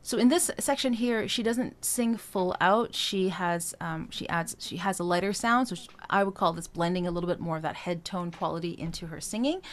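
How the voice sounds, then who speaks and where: A woman vocal coach explaining singing technique, talking through each point with filler sounds and quick checks with the listener. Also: fairly low pitch. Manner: talks through points with frequent "um" and checks of "right?".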